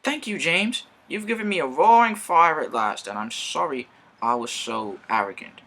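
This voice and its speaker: A small, cheeky tank engine exclaims in a high, breathy, gravelly voice, as a man puts him on. His pitch jumps around a lot. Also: lively intonation, moderate pace, sharp tone, heavily acted. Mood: cross. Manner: wheezy, exclaiming.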